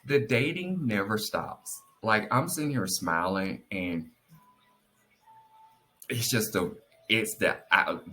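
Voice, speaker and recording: Deep-voiced man, animated storyteller, earnest and encouraging advice vlogger. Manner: animated storyteller, acts out quotes in a high voice. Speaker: vlogger giving marriage advice. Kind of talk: casual heartfelt advice talk.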